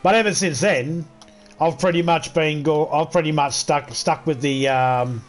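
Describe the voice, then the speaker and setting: A man's voice: on the high side, unhurried. Crude, joking Australian male streamer. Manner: crude, swears a lot, joking. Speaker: gaming livestream host. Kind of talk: casual storytelling chat.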